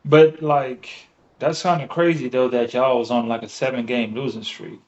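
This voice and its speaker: A man's voice: medium pitch, steady tone, normal speed, a little mellow, muffled recording. A man in his thirties hosting a podcast interview over a video call, laid-back and mostly giving short replies. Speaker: podcast host. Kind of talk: casual interview chat.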